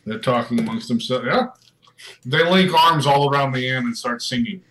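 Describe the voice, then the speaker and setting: A man narrating as dungeon master in a tabletop game, playful and quick to laugh. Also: mid-range voice, a bit bright. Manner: laughs often, playful teasing.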